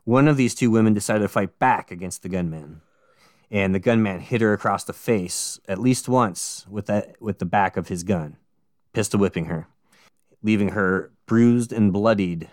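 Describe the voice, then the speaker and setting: In a dry, studio-quality recording, a man with a fairly low voice speaks at normal speed as he co-hosts a casual true-crime podcast. He reads out the case and keeps interrupting it with jokey, sweary remarks.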